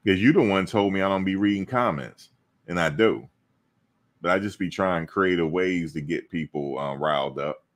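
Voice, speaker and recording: The low-voiced male host of a football fan show chats casually at a normal speed. He is playful and jokey, leans on slang and repeats himself for emphasis.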